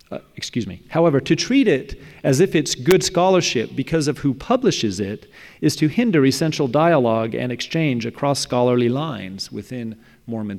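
A man's voice: medium pitch, vocal fry, a little mellow. Man reading a talk in a reverberant hall. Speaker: speaker presenting a paper.

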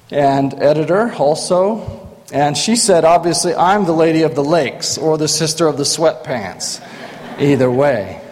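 A man's voice: mid-range voice, darkish tone. A man introducing panel members with dry joking asides, in a large hall. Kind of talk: lighthearted introductions. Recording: long hall reverb.

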